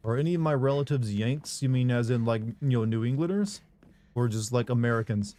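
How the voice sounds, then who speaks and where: Mellow rambling gamer man from Michigan. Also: medium pitch, brisk. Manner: rambling, chats with viewers between gameplay. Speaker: gaming streamer. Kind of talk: casual let's-play commentary.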